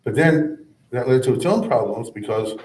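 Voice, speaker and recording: Rabbi lecturing in an echoey room. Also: male voice, medium pitch, lively intonation, normal speed, a little mellow. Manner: conversational, chanting Hebrew verses then translating, many asides. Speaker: rabbi teaching a class. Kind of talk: informal explanatory lecture. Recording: echoey room, mic at a distance.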